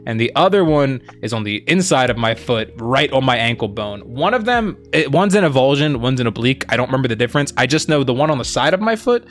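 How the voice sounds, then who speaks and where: A man chatting on a livestream with an ordinary mid-range voice, spinning a rambling anecdote full of "like" and "um". He slips into quick imitations of the people in his story, and soft guitar music plays faintly behind him. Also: mid-range voice. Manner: rambling, many fillers and "like"; animated retelling, quoting others. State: injured foot, on crutches. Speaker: streamer co-host. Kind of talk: casual storytelling chat.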